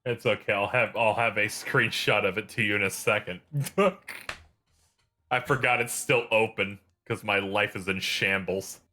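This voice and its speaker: A man's voice: fairly low pitch, fairly even intonation, normal speed, sharp tone. A tired young man co-hosting a game stream after an all-night session, chatting in a dry, self-deprecating way and swearing casually. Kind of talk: casual chat.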